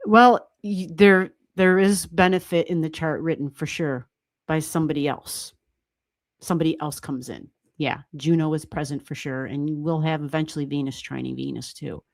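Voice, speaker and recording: Chatty, excitable woman livestream host. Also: deep voice, normal speed, creaky, no room sound. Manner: chatty and excitable, swears casually, laughs often. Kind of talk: casual livestream chat.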